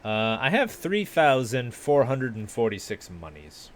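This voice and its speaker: A man's voice: medium pitch, sing-song, measured pace. A man chatting casually while he streams a video game, rambling, swearing and mocking himself. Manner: rambling, profane, self-mocking. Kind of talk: casual livestream gaming chat.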